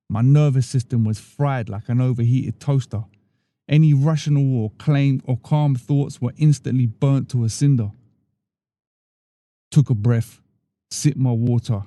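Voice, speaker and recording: A man's voice: mid-range voice, mellow, no room sound. A man reading his own first-person story in a wry, plain-spoken way. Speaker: storyteller, podcast host.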